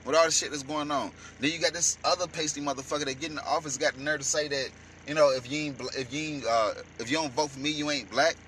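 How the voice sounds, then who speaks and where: A man delivering a heated, profane rant as a vlogger, shouting at times. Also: a little high, fairly even intonation, fast, a little hiss or hum. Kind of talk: heated ranting commentary.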